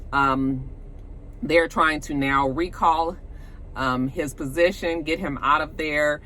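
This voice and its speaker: Bright-voiced chatty woman host. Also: low voice, slight background noise. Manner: chatty, rambling, many fillers, addresses viewers as you guys. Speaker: gossip show host. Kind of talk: casual chat to viewers. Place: at home.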